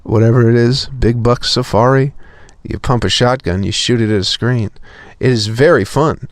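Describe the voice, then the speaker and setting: A man's voice: mid-range voice, no room sound. A young man telling a profane, exasperated story as a podcast host in a casual comedic rant.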